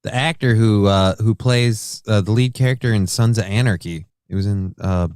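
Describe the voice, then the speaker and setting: A man's voice: lowish voice, moderate pace, darkish tone, clear, resonant tone, no room sound, studio quality. An American man co-hosting a casual talk show, rambling, swearing loosely and stalling while he hunts for names. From United States. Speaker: co-host. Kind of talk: casual podcast chat.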